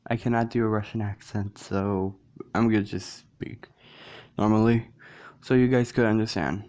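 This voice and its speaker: A man's voice: lowish voice, fairly even intonation, normal speed, a little mellow. A man casually narrating a fan story, rambling and correcting himself as he goes.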